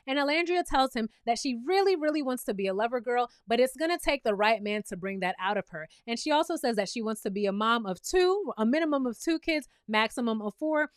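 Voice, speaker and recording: A woman's voice: high-pitched, smooth, no echo. A woman recapping a reality dating show in a casual, sassy way, talking back to the cast. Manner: sassy, talks back to the cast, animated asides.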